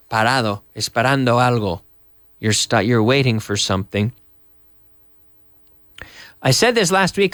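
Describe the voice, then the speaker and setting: A middle-aged man teaches English in a live online lesson, with a mid-pitched voice. He is lively and repeats words again and again to drill the sounds. His voice sounds dry and close. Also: no echo.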